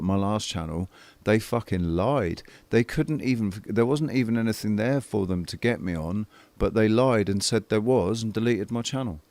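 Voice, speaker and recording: A man's voice: low-pitched, a little mellow, no echo. A man from the UK chatting casually on a livestream, rambling and swearing as he talks. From United Kingdom. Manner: rambling, swears, restarts often. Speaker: channel host.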